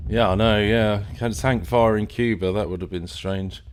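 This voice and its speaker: An English man from near London hosts a live stream with a low, deep voice. He rambles casually, pausing on fillers and restarting sentences. Faint background noise sits under his voice. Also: steady tone. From England, near London.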